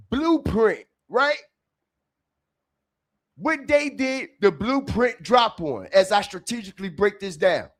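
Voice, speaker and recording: A man hosting a livestream, giving profane, preachy street commentary and calling out to his viewers. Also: very high-pitched. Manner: profane, repetitive, preachy call-outs to viewers. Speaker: live stream host.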